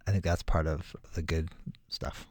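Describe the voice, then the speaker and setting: Low-voiced man chatting animatedly. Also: moderate pace, dry recording, studio quality. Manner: animated, laughing, emphatic exclamations. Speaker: musician guest. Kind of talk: casual interview chat.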